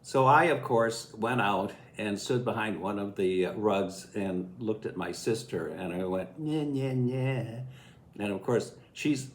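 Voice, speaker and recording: A man's voice: low voice, slight background noise. Elderly man telling a folksy tale. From Illinois, USA. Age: 80s. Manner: folksy, chuckling, lively storytelling. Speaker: storyteller recalling childhood. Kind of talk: casual spoken memoir. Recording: echoey room.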